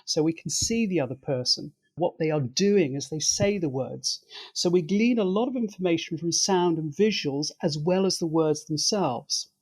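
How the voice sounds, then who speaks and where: Expert male guest, methodical lecturing delivery, slightly raised pitch. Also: expressive, moderate pace, darkish tone, breathy edge. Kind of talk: explanatory interview talk.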